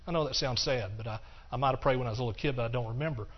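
An older man giving a personal testimony sermon, earnest and repetitive, dropping to hushed stretches and rising into passionate bursts. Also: medium pitch, rapid-fire. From Texas. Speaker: preacher. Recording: dull lo-fi recording.

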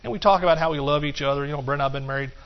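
A middle-aged male preacher delivers a sermon in a high voice. He breaks into song now and then and calls out to his congregation. The sound is dull and muffled. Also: very fast.

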